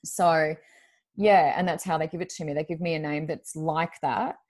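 A woman's voice: deep voice, steady tone, normal speed, darkish tone. A woman who works as a medium, chatting as a podcast guest and telling a long story in a rambling way, with many fillers. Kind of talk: casual storytelling.

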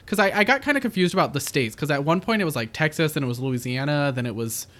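Bright lively voice in podcast chat. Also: mid-range voice. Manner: animated, laughing, lots of "like" and quick asides. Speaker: podcast co-host. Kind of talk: casual movie review chat.

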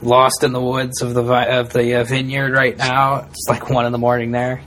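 A man's voice: medium pitch, monotone, normal speed, fairly bright tone. A man co-hosting a casual podcast, easygoing and loose, with lots of "uh" and "like" and laid-back slang. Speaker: podcast co-host. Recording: faint background noise.

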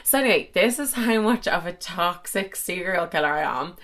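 Young woman host, slightly low voice, crude and rambling, casual podcast storytelling. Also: lively intonation, moderate pace, fairly bright tone. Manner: crude, rambling, heavy swearing and fillers.

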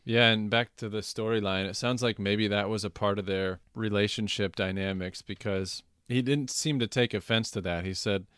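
A man with a lowish, clean voice takes part in a relaxed podcast chat about an album. He agrees readily and adds his own points. He is recorded close, with no room sound. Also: normal speed, few pauses, clean tone, dry recording. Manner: agreeable, chimes in with short affirmations. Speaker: podcast co-host. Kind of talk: casual album discussion.

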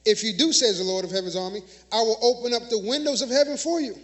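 A man's voice: very high-pitched, fast, fairly bright tone. A man preaching a sermon in a church, emphatic and conversational, using call-and-response with the congregation. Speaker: minister.

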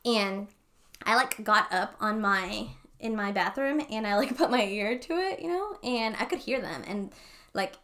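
A woman's voice: medium pitch, lively intonation, measured pace, a bit bright. A young woman co-hosting a podcast, telling a story in a rambling, casual way with lots of swearing. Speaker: podcast co-host. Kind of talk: casual chat.

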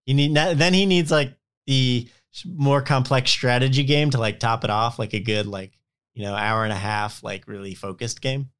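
A man's voice: medium pitch, steady tone, moderate pace, fairly bright tone, clear, resonant tone. Podcast co-host, male, easygoing rambling delivery with lots of restarts. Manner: rambling, many fillers and restarts. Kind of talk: casual board game chat.

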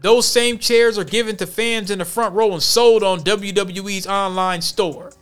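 A man's voice: high-pitched, steady tone, moderate pace, a bit bright, clean tone, soft background music. A man hosting a podcast, reading news stories aloud and commenting on them bluntly with slang. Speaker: podcast host.

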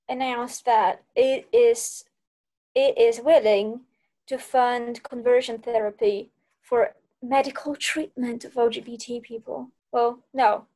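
A woman's voice: fairly high pitch, mellow, rough recording. A woman talking in a casual podcast discussion, often restarting her sentences.

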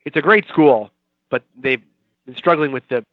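A man's voice: medium pitch, normal speed, dry recording, phone-quality sound. Chatty man from the Boston area. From Boston area, Watertown. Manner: chatty, rambling, self-mocking. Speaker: guest, TV writer. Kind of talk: casual interview chat.

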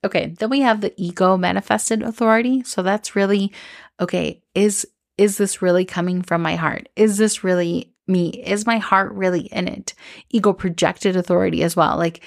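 A woman's voice: mid-range voice, fairly even intonation, normal speed, gravelly, no room sound, studio quality. A woman hosting a podcast, telling a personal story in a casual, chatty way full of fillers and acted-out thoughts. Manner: chatty, filler-heavy, acts out her own thoughts in quotes. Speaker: podcast host.

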